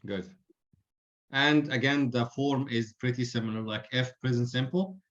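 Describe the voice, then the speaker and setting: A man's voice: medium pitch, normal speed, fairly bright tone, lo-fi sound. A man teaching grammar in an online class, patiently explaining and giving spoken examples.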